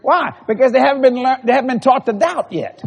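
High husky-voiced preacher in a hall. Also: male voice, animated, fast talker. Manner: repetitive building cadence, calls out to the congregation. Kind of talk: sermon. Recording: long hall reverb.

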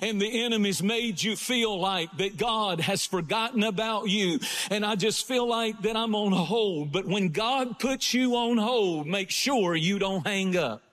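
A man preaching a sermon, swinging between fervent, rising exhortation and slow, low storytelling. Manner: rising to impassioned shouting, then slowing to low storytelling.

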